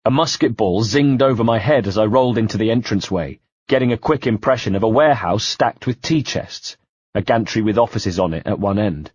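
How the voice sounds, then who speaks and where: A man narrating an audiobook in the first person, measured and quietly tense. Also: on the low side, husky, dry recording. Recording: dull dry home-studio sound.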